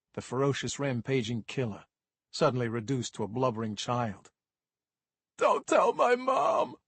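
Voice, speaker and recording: A man's voice: mid-range voice, no echo. A man narrating a first-person crime audiobook in a dry, wry manner.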